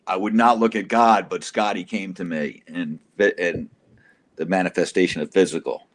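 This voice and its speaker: A man's voice: low voice, fairly even intonation, moderate pace. A man telling an emotional personal testimony as an interview guest, casual and profane, acting out quotes dramatically.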